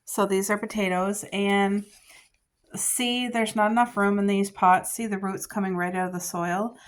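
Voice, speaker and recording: A woman vlogs from her outdoor garden, talking casually and excitedly to the camera about her finds and the garden itself. She speaks at a moderate pace in a medium pitch with fairly even intonation.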